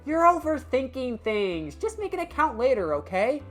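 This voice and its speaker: A woman's voice: high voice, very animated, moderate pace, fairly bright tone, faint music behind, pitched above the performer's own voice, heavily acted. A woman voicing an upbeat, pushy young woman in a story game, with a teasing manner. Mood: chirpy.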